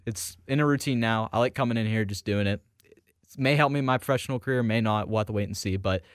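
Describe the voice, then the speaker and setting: A man's voice: lowish voice, no room sound. Young guy on sports radio, talks a mile a minute, dry close mic. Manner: quick, rambling talker. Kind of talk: casual radio chat. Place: radio studio. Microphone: studio microphone.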